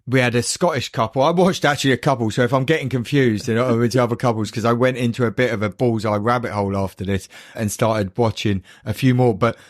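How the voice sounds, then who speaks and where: A man's voice: medium pitch, steady tone, fast talker, few pauses, dry recording, clean studio sound. A man co-hosting a podcast, rambling and chuckling in casual chat. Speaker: podcast co-host. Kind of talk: casual film review chat.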